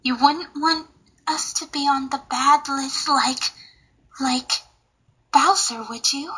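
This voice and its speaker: A woman's voice: high voice, takes it slowly, fairly bright tone, low-quality recording. A woman acting in a comedic fan parody, teasing and rambling. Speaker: parody voice actor.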